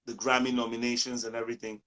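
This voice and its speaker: A man from Nigeria chats as a musician guest, with a middle-pitched voice. He tells lively stories in a relaxed interview, acting out what others said. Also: quick pace. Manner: lively storyteller acting out quotes. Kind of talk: casual interview chat.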